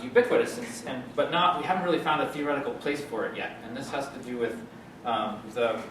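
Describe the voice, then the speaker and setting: Male guest lecturer, halting academic delivery, distant mic in a reverberant hall with noise. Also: medium pitch. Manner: halting, many fillers and restarts.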